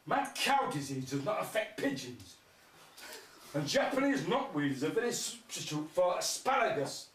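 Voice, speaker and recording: Comic, male, high bouncy delivery of crude absurd one-liners, echoey and off-mic. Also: sing-song, normal speed, fairly bright tone. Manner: crude absurd one-liners, laughing at his own jokes. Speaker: stand-up comedian. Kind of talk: rambling surreal stand-up. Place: live music festival stage. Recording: echoey, distant mic, faint noise.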